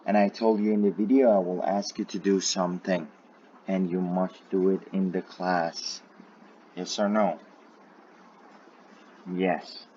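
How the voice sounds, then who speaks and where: A man's voice: low voice, little pitch movement, a little slow, pauses often, dark tone, lo-fi sound, slight background noise. A man teaching an English grammar lesson to his students in a self-recorded video, repeating each point and checking in with "right?".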